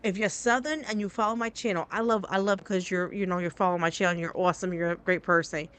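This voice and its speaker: A woman's voice: on the low side, fairly even intonation, fast, a bit bright, smooth. Rambling New woman streaming a game. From New Jersey. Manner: rambling and candid, restarts often. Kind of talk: casual live-stream chat.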